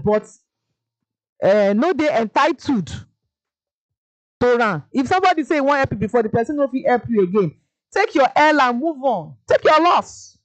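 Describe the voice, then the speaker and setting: A woman with a Nigerian Pidgin accent hosting a call-in radio show, lively and mixing in Yoruba. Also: on the high side, no echo, dull audio. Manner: lively, mixes Pidgin and Yoruba, laughs easily. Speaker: radio host.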